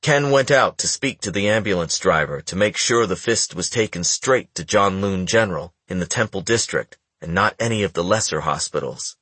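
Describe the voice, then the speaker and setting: Low, husky man for audiobook narration, dry booth, measured delivery. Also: no echo. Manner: measured, even storytelling. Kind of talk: scripted narration.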